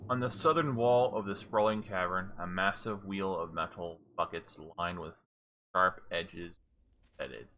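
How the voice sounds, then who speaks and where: Bright-voiced man running a tabletop game. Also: low voice, unhurried, lo-fi sound, slight background noise. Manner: reads descriptions aloud, correcting himself as he goes. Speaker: game master.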